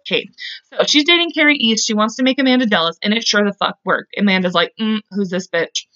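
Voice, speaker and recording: A woman's voice: a little high, animated, quick pace, sharp tone, dry recording, muffled recording. A woman hosting a podcast, telling a true-crime story in a chatty, profane way with side tangents. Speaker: podcast host.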